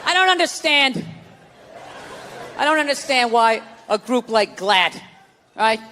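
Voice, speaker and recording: Ranting high-voiced male stand-up comic. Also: animated, unhurried. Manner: ranting, profane, shouting punchlines. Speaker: stand-up comedian. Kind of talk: stand-up comedy routine. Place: comedy stage before a live audience. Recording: live club set with crowd laughter and noise.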